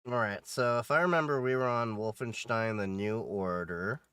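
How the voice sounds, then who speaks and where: This streamer's voice is lowish, smooth, and a bit bright at normal speed, captured in clean studio sound without echo. He plays a game live, talkative and joking, answering viewers and laughing frequently.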